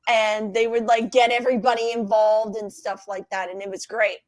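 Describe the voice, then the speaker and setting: A woman, a podcast guest, telling stories in a casual, animated way, swearing freely and laughing between lines. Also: mid-range voice, normal speed, dry recording. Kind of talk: casual storytelling.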